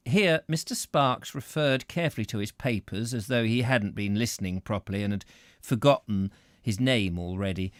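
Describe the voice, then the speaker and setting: A man narrating a novel aloud in an expressive way, with occasional slips. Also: lowish voice, normal speed, no echo, studio quality. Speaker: audiobook reader.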